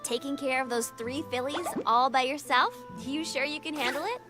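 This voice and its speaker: A woman voicing a friendly young female unicorn pony in a cartoon, talking in a brisk, bright way. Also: sits high, music in the background, lightly acted. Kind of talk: cartoon voice acting.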